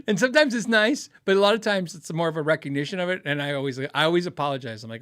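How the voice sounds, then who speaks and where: A man's voice: fairly high pitch, expressive, fairly quick, long pauses, fairly bright tone, clean tone. A middle-aged man hosting a live podcast, chatting casually through viewer questions, laughing often and acting out quoted voices as he tells stories. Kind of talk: casual live-stream chat.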